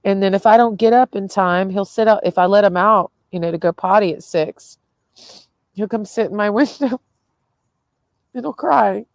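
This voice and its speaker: A woman's voice: mid-range voice, moderate pace, dry recording. A young woman talking in a rambling, casual vlog, tired with a headache, swearing freely and laughing often between sentences. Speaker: vlogger.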